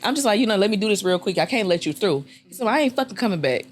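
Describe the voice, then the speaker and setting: A woman's voice: rapid-fire, a little hiss or hum. A woman hosting a podcast, telling stories in casual chat with profanity and acted-out quotes. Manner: animated, profane, acts out quotes in a jumping pitch. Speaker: podcast host.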